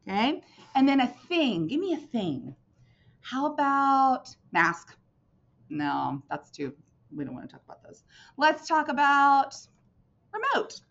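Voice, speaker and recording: A woman's voice: sits high, takes it slowly, long pauses. A woman teacher giving a recorded lesson to young children, checking in with "right?" and "okay?" after each point. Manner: animated, sing-song teacher voice with frequent "right?" and "okay?" checks. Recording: dull lo-fi recording.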